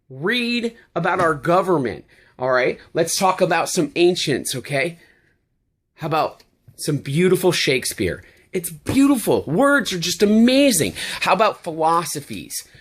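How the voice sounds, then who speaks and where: A man's voice: high voice, a bit bright. A middle-aged man from the United States, a life coach giving a fired-up motivational rant to the camera with punchy, repeated exclamations.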